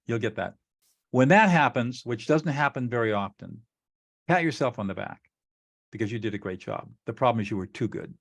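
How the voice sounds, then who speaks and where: A man's voice: mid-range voice, lively intonation, brisk, gravelly. A man co-hosting a talk on relationships, explaining a technique in an earnest, methodical way and acting out sample dialogue. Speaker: co-host teaching relationship skills.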